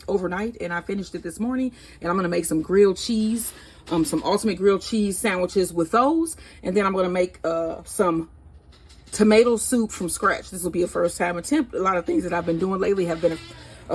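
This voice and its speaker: A woman with a husky, mid-range voice hosts her own cooking vlog from her home kitchen. She's chatty and excitable, gasping with delight and tasting the food as she talks.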